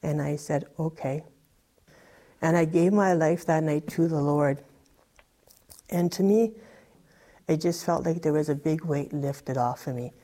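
A woman's voice: deep voice, unhurried, warm tone. A woman telling her personal testimony in a conversational way, full of fillers like "like" and "you know". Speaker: guest giving a testimony.

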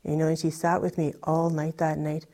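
A woman's voice: sits low, monotone, normal speed, mellow. A woman telling her personal testimony in an earnest, rambling way, full of "you know" and "like". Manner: earnest, rambling with many fillers. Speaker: testimony speaker.

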